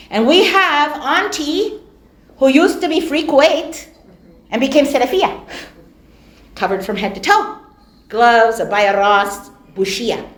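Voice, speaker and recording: एक महिला जो धार्मिक व्याख्यान में कहानियाँ सुनाती है, जोश से बोलती है और बात पर ज़ोर देने के लिए शब्द दोहराती है। उसकी आवाज़ ऊँची है, और वह एक गूँजते हॉल से सुनाई देती है।. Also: female voice, high-pitched. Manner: animated, acts out quoted voices, repeats words for emphasis. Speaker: Islamic lecturer. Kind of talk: storytelling religious lecture. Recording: echoey hall.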